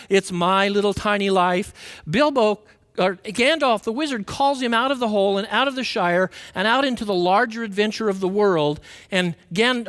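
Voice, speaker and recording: A man giving a conversational Sunday sermon, asking the congregation questions and acting out quoted voices with big swings in pitch. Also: a bit bright. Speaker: minister giving a Sunday talk. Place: church sanctuary. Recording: long reverb of a worship hall.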